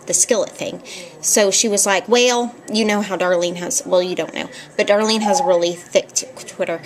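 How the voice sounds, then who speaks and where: A woman telling stories casually to a handheld camera at home, rambling and animated. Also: on the low side. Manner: rambling, animated, quick to laugh. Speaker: vlogger. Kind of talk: casual storytelling vlog. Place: at home indoors. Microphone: handheld camera at arm's length.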